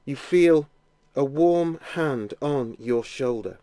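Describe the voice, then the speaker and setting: A man narrating a guided imaginative prayer, telling the scene gently in the second person. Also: mid-range voice, slow pace, no room sound.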